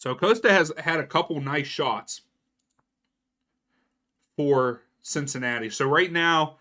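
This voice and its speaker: A man's voice: fairly high pitch, pushed and bright. A young adult man doing casual live match commentary for a watchalong stream, reacting to plays and answering viewers by name. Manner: casual, reacts to plays and reads out chat names.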